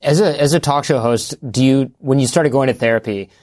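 A man interviewing a guest in a relaxed, curious way, with a chatty delivery full of filler words. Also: medium pitch, a little fast. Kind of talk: casual interview conversation.

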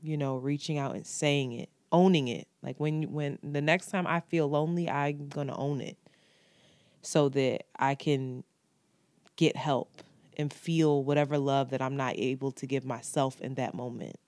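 Low voiced woman cohosting a podcast, frank and jokey, dry close sound. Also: steady tone, unhurried, a little mellow, no echo. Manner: frank, joking and profane. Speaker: podcast co-host. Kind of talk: casual chat.

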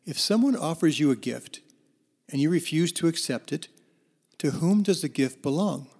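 A man doing a calm, smiling old sage. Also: on the high side, vocal fry, breathy edge, big-room sound, heavily acted. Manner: calm, measured. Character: calm smiling male sage, gentle teacher.

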